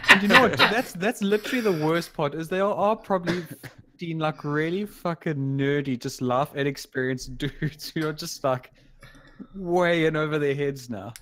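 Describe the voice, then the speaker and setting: A man co-hosting a casual gaming podcast, complaining with deadpan exaggeration. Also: on the high side, moderate pace, noisy background. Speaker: podcast co-host. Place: in Africa.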